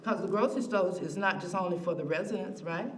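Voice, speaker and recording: A woman's voice: fairly low pitch, quick pace, slight background noise. Woman, plainspoken and emphatic, public comment, echoey room, distant mic. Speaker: resident giving public comment. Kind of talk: public comment at a city meeting. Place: council meeting room.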